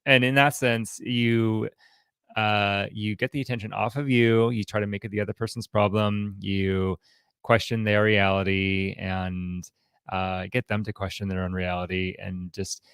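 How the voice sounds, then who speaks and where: A man counseling a group in an informal teaching talk, halting and often restarting his sentences. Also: fairly low pitch, little pitch movement, fairly bright tone, clear, resonant tone, no echo, studio quality. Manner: halting, with frequent restarts and repeated words. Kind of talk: informal teaching talk with role-played examples.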